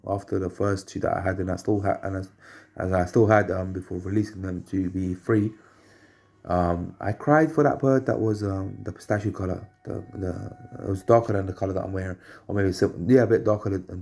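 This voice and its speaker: A man at home telling rambling personal anecdotes, halting and repeating phrases as he searches for words. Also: low-pitched, vocal fry, a little mellow. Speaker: storyteller.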